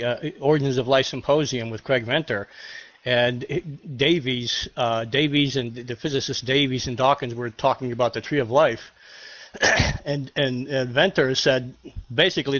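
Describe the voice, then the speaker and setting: A man arguing in an online voice-chat debate, speaking haltingly with fillers and restarts and pausing to clear his throat. His voice sits at a middling pitch. The sound is dry and close but muffled, like a cheap computer mic. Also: fairly bright tone, no echo. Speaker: debate participant.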